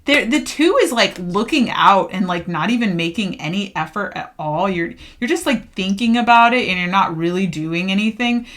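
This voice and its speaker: A bright-voiced woman talks her way through a tarot spread in a loose, chatty way. She gets fired up and emphatic, with lots of filler words. Her tone stays clear and forward. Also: medium pitch, animated, normal speed, hardly any pauses. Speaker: tarot reader. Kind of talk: casual tarot reading monologue.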